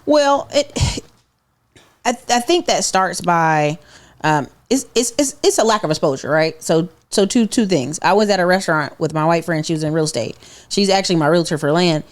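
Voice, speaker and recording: A woman guest on a casual podcast, an expressive storyteller who acts out the people she quotes. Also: on the low side, normal speed. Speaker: podcast guest, digital marketer.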